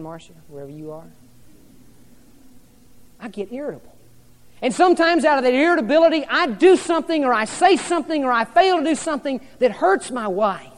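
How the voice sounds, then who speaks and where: A male pastor preaching a sermon to a congregation, rising loud and dropping soft by turns. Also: very high voice, in a large hall. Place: church hall with an audience.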